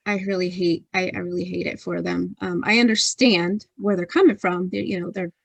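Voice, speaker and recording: Husky low-voiced woman chatting hockey. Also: fairly even intonation, fairly quick, no room sound. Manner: laughs often, trails off and restarts. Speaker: podcast co-host. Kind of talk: casual sports chat.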